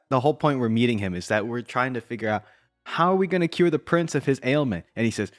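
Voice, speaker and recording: A man's voice: medium pitch, expressive, fast talker, no echo, studio quality, soft background music. A man casually recapping a video game, rambling and breaking into his own asides. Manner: rambling, self-interrupting asides.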